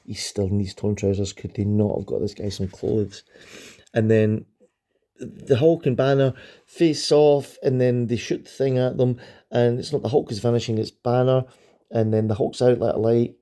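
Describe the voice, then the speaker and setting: Middle-aged guy flipping thru old comics, chatty, lots of ums, warm mellow tone. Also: mid-range voice, steady tone, normal speed. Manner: rambling, enthusiastic, frequent ums and restarts. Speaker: comic book reviewer. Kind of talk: casual comic review vlog.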